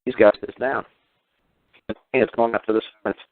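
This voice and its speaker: A man's voice: mid-range voice, steady tone, normal speed. A man delivering a heated radio rant, firing off combative rhetorical questions and swearing. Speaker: radio show talker. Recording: tinny phone-line radio audio.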